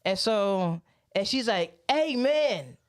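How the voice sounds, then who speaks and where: A woman's voice: fairly low pitch, a little slow. A woman hosting a podcast, telling a church story in casual chat, swearing freely and laughing often. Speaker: podcast host.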